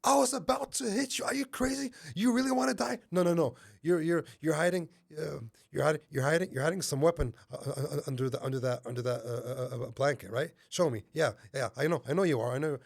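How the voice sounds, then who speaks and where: A man voicing a panicking aggressive young man who shouts in a high, frantic, accusing way. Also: fairly even intonation, quick pace, few pauses, close to an everyday voice.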